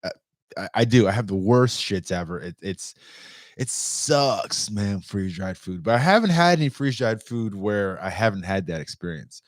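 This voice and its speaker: A young man talks loosely to his camera and curses without a second thought. His pitch swings up and down a lot as he rambles. The sound is dry and close, with no room echo. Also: normal speed. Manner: loose, animated, swears freely. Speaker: outdoor vlogger. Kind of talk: casual chat to camera.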